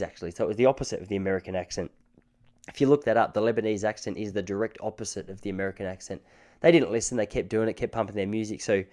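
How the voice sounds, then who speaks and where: A man's voice: on the low side, darkish tone. An Australian man in his thirties hosting a podcast, telling rambling, joking stories in a casual solo monologue. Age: 30s. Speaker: podcast host.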